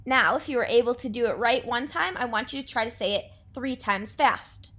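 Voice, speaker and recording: A young woman teaching a class, with a high, bright voice. She speaks clearly and patiently, with a warm, encouraging delivery suited to young students. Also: normal speed. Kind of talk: remote class lesson.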